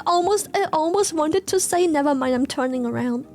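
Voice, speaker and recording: A woman from Germany chatting casually on stream, telling stories in an excitable, animated way and swearing freely. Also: sits high, moderate pace, hardly any pauses, soft background music. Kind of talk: casual chat.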